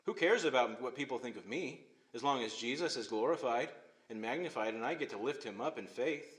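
A male pastor preaching a sermon, swinging between emphatic loud phrases and hushed, quiet ones. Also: mid-range voice, lively intonation, fairly quick. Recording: echoey room.

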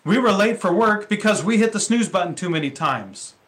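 A man's voice: high-pitched, lively intonation, a little fast, a bit bright. A male pastor preaching a sermon in a conversational way, with rhetorical questions and casual asides.

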